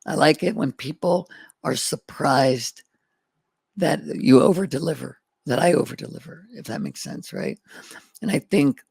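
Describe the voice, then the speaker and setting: Middle-aged guy with a gravelly husky voice, folksy storyteller, dry sound. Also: fairly high pitch, darkish tone, no echo. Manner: earnest, folksy, retells exchanges in quotes. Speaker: guest entrepreneur. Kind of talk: candid storytelling interview.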